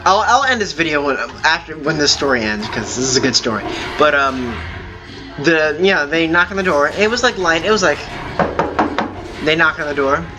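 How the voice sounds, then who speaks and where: A man hosting a gaming video, telling a long story in a halting, rambling way with many fillers while he plays. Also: on the high side, lively intonation, music in the background. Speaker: gaming channel host. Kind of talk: telling a story over gameplay.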